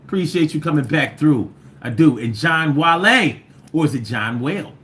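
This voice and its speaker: A Philly-accented man from Philadelphia, USA, hosts a casual livestream, playfully reading viewer comments and sometimes singing. His voice is fairly high, expressive and a bit bright at normal speed, and he riffs and breaks into sing-song chants.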